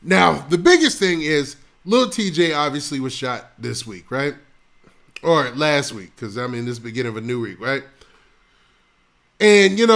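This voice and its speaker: Gravelly high-voiced man, casual live stream. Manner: shouting out viewers' locations one after another; laid-back slang. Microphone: close mic.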